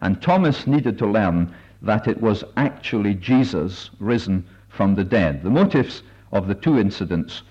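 A man leading a Bible study meeting, speaking in a careful, measured way with many filler pauses as he reads and explains passages. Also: on the low side, expressive, a little mellow, breathy edge. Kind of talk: measured sermon-style talk with readings. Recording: dull lo-fi recording.

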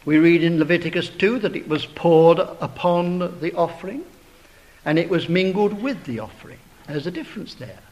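A man preaching a sermon in a slow, dramatic way, swelling to loud emphatic peaks and sinking to hushed tones. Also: fairly high pitch, expressive, muffled recording. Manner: addresses listeners as brethren, beloved brother.

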